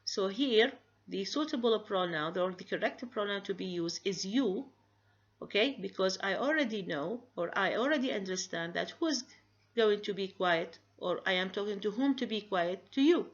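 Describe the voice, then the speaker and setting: A woman giving a recorded grammar lecture, pausing often and asking rhetorical questions. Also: medium pitch, animated. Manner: halting, many fillers and restarts, rhetorical questions. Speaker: grammar teacher. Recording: dull lo-fi recording.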